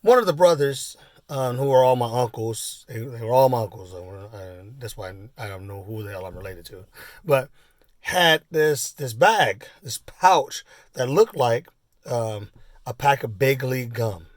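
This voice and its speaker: A man in his forties telling a personal story in a casual, rambling way, full of fillers and asides, and getting animated as he acts it out. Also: medium pitch, a little slow, dry recording, clean studio sound. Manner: animated when acting out the story. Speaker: vlogger.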